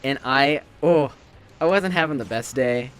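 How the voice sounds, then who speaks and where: A teenage boy chatting casually while gaming, telling animated stories and acting out his classmates' lines. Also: medium pitch, a little slow, clear, resonant tone. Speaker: gamer chatting while playing. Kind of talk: casual chat. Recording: faint game music behind.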